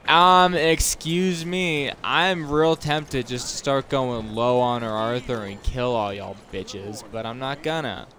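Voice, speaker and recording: This young streamer speaks slowly with few pauses, his mid-range voice carrying a sharp tone. While gaming, he chats and rambles to himself in relaxed let's-play commentary.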